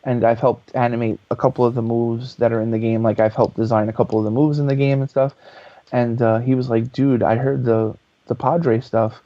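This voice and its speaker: A man guest on a podcast telling a story in a lively, casual way, swearing freely. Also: medium pitch, quick pace, no room sound. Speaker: guest, author and voice actor. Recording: dull lo-fi podcast audio.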